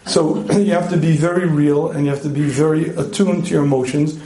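A middle-aged man giving a joking, animated marriage seminar talk to a live audience, clearing his throat often. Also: on the high side, brisk. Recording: echoey hall.

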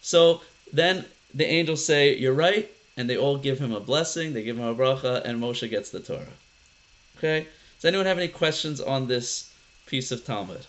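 A man's voice: mid-range voice, normal speed, highs cut off. A man teaching a casual lesson who talks conversationally, quizzes his class and tells stories with animation. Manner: conversational, asks the class questions, animated storytelling.

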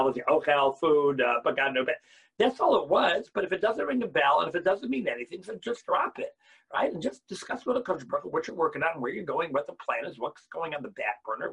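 A man teaching a Torah lesson as a rabbi, impassioned, swinging between quiet explanation and loud bursts. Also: fairly high pitch, gravelly, breathy edge, rough recording.

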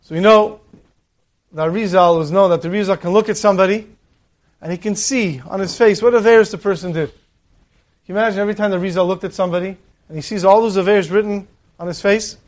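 A man preaching a sermon, telling a parable in an animated storytelling manner. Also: high-pitched, brisk.

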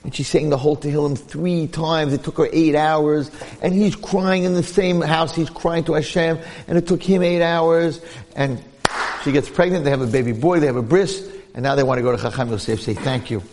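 A man giving a lively Torah class, storytelling and asking rhetorical questions while acting out the people he quotes. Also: on the high side, moderate pace, slight background noise. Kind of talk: animated Torah lecture with storytelling. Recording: long hall reverb.

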